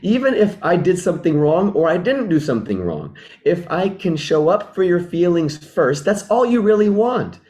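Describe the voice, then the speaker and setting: A man's voice: sits high, sing-song, moderate pace, darkish tone. A man speaking as a relationship mentor, explaining in an earnest, reflective way and often restating his points. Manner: reflective, repeats and rephrases, acts out sample dialogues. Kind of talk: earnest teaching talk.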